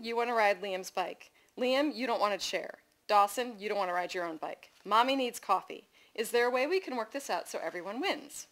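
A middle-aged woman reading her own memoir stories to an audience at a festival, with lively, amused asides and a raised pitch for the children's lines. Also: moderate pace, low-quality recording. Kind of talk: live reading of personal essays.

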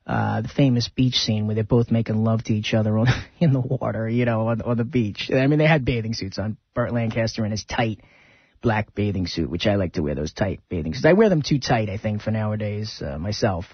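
Male radio host, chatty and rambling, slightly husky, muffled dry sound. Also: on the low side, fairly quick, no echo. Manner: rambling, chatty, retells film scenes. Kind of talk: casual radio talk.

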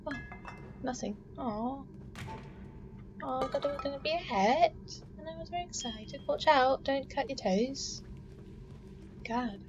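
Over music, a let's play gamer talks to herself as she works through a game, her voice sitting high and her pace measured with many pauses. It's casual, chatty gameplay commentary full of swearing and exclamations, captured on a dull lo-fi mic with constant background noise.

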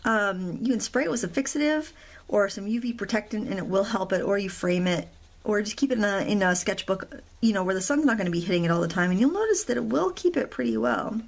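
A woman's voice: mid-range voice, animated, fast talker, gravelly. A middle-aged woman hosting a real-time coloring tutorial at a craft table, chatty and rambling, with self-deprecating asides.

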